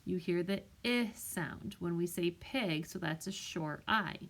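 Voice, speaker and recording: A woman teacher giving a recorded spelling lesson to young children, patiently sounding out each word. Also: fairly low pitch. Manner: slow, patient, sounds words out carefully. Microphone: tablet microphone.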